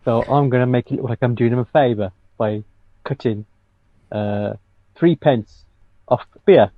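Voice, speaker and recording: A man co-hosting a casual podcast, joking around and now and then jumping into high comic voices. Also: a little slow, pauses often, dry recording, narrow, tinny audio. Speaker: podcast co-host and comedian. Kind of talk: casual banter.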